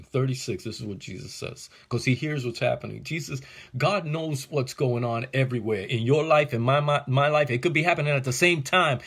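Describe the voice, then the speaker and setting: Working through scripture verse by verse, a pastor speaks in a medium-pitched voice with a breathy edge. He starts out casual, slangy, and animated, then rises to fervor as he preaches.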